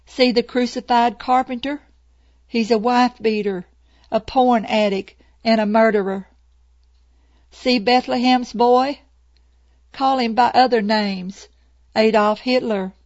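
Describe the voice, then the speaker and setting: Slow, solemn woman reading devotions. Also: fairly high pitch, a little mellow, dry recording. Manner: slow, measured, solemn delivery. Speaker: devotional reader. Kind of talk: scripted devotional narration. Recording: dull lo-fi dry recording.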